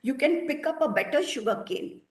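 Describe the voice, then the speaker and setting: A woman's voice: sits high, lively intonation, normal speed, roomy sound. A woman with an Indian English accent voicing a king from a folk story, greedy and later remorseful. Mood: puzzled. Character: middle-aged king, greedy then remorseful.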